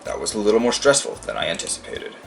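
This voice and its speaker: A man's voice: lowish voice, very animated, fast, creaky, far from the mic, faint music behind. A tired, worn-out man hosting a let's play, rambling casually between reading game lines aloud. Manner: rambling, lots of fillers.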